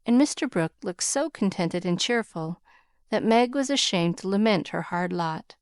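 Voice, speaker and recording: A woman narrating a classic novel as an audiobook in a measured, even reading. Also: lowish voice, smooth, no room sound, clean studio sound.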